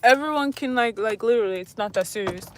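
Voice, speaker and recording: A young woman with a fairly high voice vents straight into her phone in a blunt, profane, exasperated rant. Steady background noise hangs under the phone audio as she walks about. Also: fast talker. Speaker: vlogger. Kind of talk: casual rant to camera. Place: walking around outdoors and indoors with a phone.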